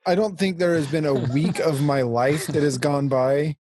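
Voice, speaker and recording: A man's voice: fairly high pitch, steady tone, normal speed, darkish tone, a little hiss or hum. A man co-hosting a casual podcast, talking enthusiastically and quoting a film. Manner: enthusiastic, says dude, quotes movie lines. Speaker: podcast co-host. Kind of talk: casual chat.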